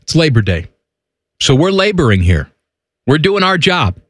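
A man's voice: a little high, very animated, normal speed, dry recording, studio quality. A man co-hosting a radio talk show, bantering and teasing his partner with jokes. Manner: teasing, joking. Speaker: radio co-host.

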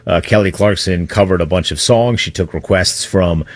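A man's voice: low voice, normal speed, no room sound. A man co-hosting a sports radio show, telling stories in a rambling, conversational way. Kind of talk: casual radio chat.

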